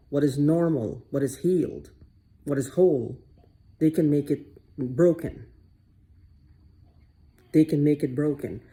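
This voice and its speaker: Speaking to camera in a relaxed monologue, a woman with a warm, low-pitched voice rambles on. She keeps repeating herself and restarts often.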